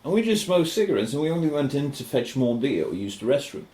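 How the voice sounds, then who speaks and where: A man co-hosting a podcast, telling a story in loose casual chat and swearing freely. He acts out what other people said, and his pitch swings widely as he talks. The room around him is echoey. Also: fast talker. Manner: animated, swearing, acts out quoted voices. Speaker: podcast co-host.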